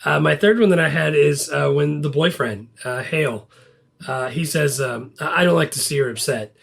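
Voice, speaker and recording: A man from Louisiana co-hosts a movie podcast in an easygoing, wry way. His voice is gravelly and husky. It sits a little high for a man. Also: moderate pace. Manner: laid-back, wry joking. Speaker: podcast co-host. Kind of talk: casual movie podcast chat.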